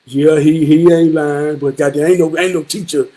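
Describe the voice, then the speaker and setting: A man voicing his uncle in his seventies, gruff and matter-of-fact. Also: on the high side, fairly even intonation, moderate pace, dark tone, voice pushed down, natural voice. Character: older uncle in his seventies, blunt and teasing.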